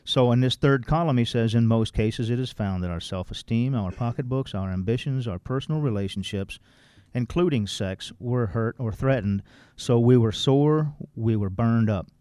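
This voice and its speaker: A man leads an informal recovery workshop, quoting a text and then explaining it in blunt, folksy, mildly profane everyday language. His medium-pitched voice is warm and smooth at moderate pace, on a dry recording.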